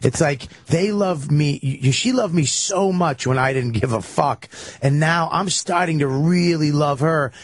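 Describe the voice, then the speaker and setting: A man's voice: fairly high pitch, measured pace, dry recording. A man telling crude comic stories in radio banter, acting out quotes with profanity. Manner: profane, animated storytelling with acted-out quotes. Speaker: comedian guest.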